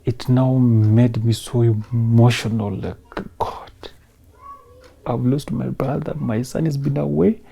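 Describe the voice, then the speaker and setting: A man in his thirties with a Kenyan accent, telling his personal story in an emotional, soft-spoken way and mixing in Swahili phrases. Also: mid-range voice, fairly even intonation, slow, creaky, husky. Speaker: interview guest.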